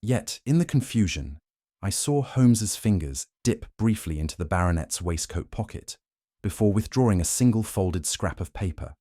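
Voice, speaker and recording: Storybook narrator, man, formal and measured, deep mellow tone. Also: expressive, no echo, studio quality.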